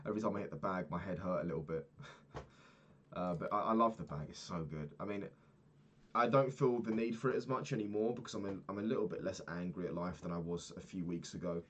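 A man's voice: low-pitched, fairly quick. A young man chatting casually about his day over a video game, rambling and swearing freely. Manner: rambling, sweary, self-mocking, frequent restarts. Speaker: vlogger. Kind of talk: casual daily diary talk over gameplay.

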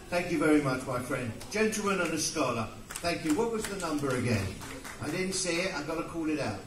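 English male auctioneer, high and bright, joking patter, heard from afar in a roomy hall. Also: sing-song, a crowd in the background, background noise. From England. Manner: joking, coaxing, rapid-fire bid calling. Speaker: charity auctioneer. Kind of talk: live fundraising auction patter. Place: event hall with an audience. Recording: echoey hall from far off.

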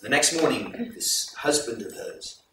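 A man with a bright, forceful voice tells a folk tale to a live audience, measured and explanatory. He is heard from a distance in an echoey hall, with faint ambient noise behind him. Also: mid-range voice, lively intonation. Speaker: presenter introducing a folk performance. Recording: echoey hall recorded from far off.

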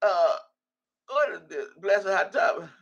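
An older woman in her sixties, talking through a laid-back livestream. Her voice is gravelly and husky, with a rough, breathy edge. She reads comments aloud in a salty, easygoing way and laughs often. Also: medium pitch, lively intonation, a little slow, muffled recording. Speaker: livestream host reading viewer comments. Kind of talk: casual livestream chat.

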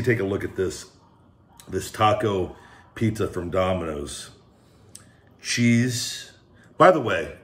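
Deep-voiced joking man hosting a food vlog. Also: slight background noise. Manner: joking, hyped, self-mocking. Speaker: host.

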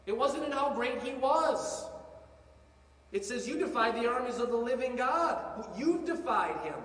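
A high-pitched male pastor preaches with animated swings from hushed to loud. He sounds distant from the mic, his voice ringing through a long-reverb hall over a faint hum of room ambience. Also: measured pace. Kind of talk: sermon.

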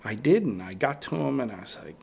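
A bowhunter appearing as a podcast guest tells a rambling story casually, acting out his own past thoughts as quotes. His medium-pitched voice is expressive, brisk, creaky and a little mellow, with slight background noise behind it.

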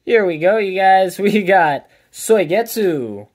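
A man's voice: high voice, animated, slow. Chatty man opening card packs. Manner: upbeat, chatty, calls out each card as pulled. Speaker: card collector and channel host. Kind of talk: casual card pack opening commentary.

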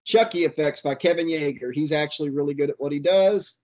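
A man's voice: a little high, a little fast, a little mellow, lo-fi sound. A man co-hosting a jokey, riffing movie commentary track. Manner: jokey, playful. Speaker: co-host.

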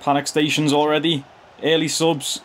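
Excitable young man commentating his game. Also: a little high, moderate pace, slight background noise. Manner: excitable, slangy, chuckling, jumps to shouts at goals. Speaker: gaming YouTuber and streamer. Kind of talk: casual live gameplay commentary.

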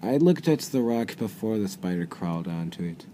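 A man's voice: fairly low pitch, animated, moderate pace, dark tone, slight background noise. A man doing casual reaction commentary. He rambles, makes mocking, exasperated asides and keeps breaking into giggles. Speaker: reaction video host.

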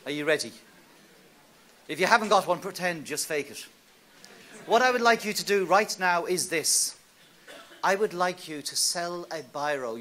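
A middle-aged man from Ireland giving a conference keynote, lively and joking as he talks directly to the audience. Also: fairly high pitch. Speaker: keynote speaker. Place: conference hall.

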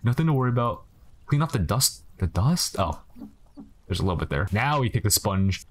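A man's voice: on the low side, big pitch swings, brisk. A young man giving joking, casual commentary while playing a game, chatting to the characters on screen. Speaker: gaming commentator. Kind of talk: casual let's-play commentary.

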